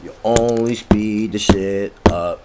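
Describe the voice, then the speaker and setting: Low-voiced man ranting slangily to camera. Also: steady tone, very noisy. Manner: slangy and profane, stretches some words slowly. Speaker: motivational vlogger. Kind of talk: casual motivational rant.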